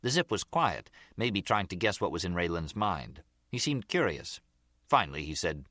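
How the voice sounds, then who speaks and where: A man's voice: deep voice, big pitch swings, normal speed, sharp tone, dry recording, studio quality. A man reading a crime novel aloud as audiobook narrator. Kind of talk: scripted narration.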